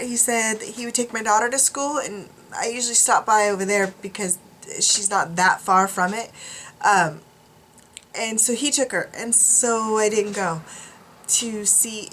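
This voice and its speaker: A woman vlogger chats casually to her viewers from her home studio, sounding drowsy and worn out. Her voice sits a bit high, and she rambles with frequent ums and restarts. Faint noise hums in the background. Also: fairly bright tone. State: tired, drowsy. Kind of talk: casual chat to camera.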